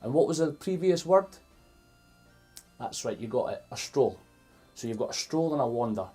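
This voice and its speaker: A man with a Scottish accent reads a picture book aloud to children in an animated, playful way, stopping to explain words for his young listeners. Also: mid-range voice, normal speed, husky, faint music behind. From Scotland. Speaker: children's storyteller.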